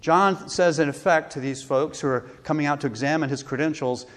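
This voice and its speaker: A man preaching a sermon, earnest and steady, quoting scripture with rising emphasis. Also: on the high side, a little fast. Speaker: pastor. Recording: long hall reverb.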